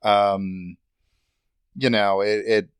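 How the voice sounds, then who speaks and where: A man hosting a podcast in casual political chat, speaking in a measured way with plenty of fillers and short agreements. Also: lowish voice, level tone, smooth, dry recording, clean studio sound. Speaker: podcast host.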